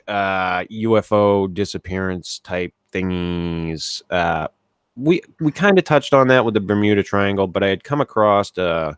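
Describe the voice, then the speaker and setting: A man's voice: lowish voice, clear, resonant tone, no echo, clean studio sound. A man co-hosting a casual podcast chat, rambling with frequent restarts and plenty of swearing. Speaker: podcast co-host.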